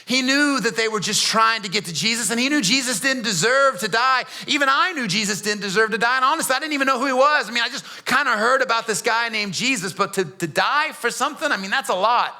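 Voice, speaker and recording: A man's voice: very high voice, fast talker, few pauses, pushed and bright, exaggerated voice. A pastor, a man, performing as a defiant, streetwise male prisoner, telling his story in the first person with casual, slangy asides. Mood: confiding. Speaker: pastor performing a dramatic monologue. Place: church.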